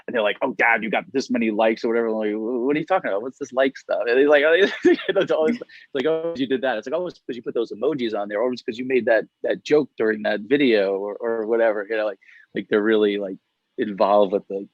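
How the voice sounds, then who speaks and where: A man's voice: on the low side, fast talker, no room sound. A middle-aged man in a casual interview over a video call, rambling, filling his talk with "like" and laughing often. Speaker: interview guest. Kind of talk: casual conversation. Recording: dull, dry audio.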